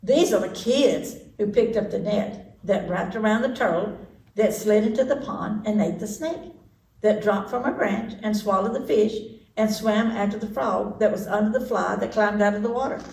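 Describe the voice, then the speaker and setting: Woman reading a kids' storybook aloud, animated, roomy echo, mic a way off. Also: medium pitch, normal speed, gravelly. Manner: animated, lively read-aloud with sound effects. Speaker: library storytime reader. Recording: echoey room, distant mic.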